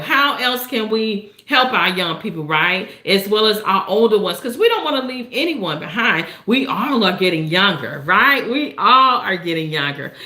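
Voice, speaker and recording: An older woman hosting a live storytime stream, chatting to viewers with an encouraging, preacher-like rhythm and frequent "right?" tags. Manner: warm, encouraging, preacher-like cadence with lots of "right?" tags and big pitch swings. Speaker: livestream storytime host. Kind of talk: casual live-stream chat. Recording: roomy echo.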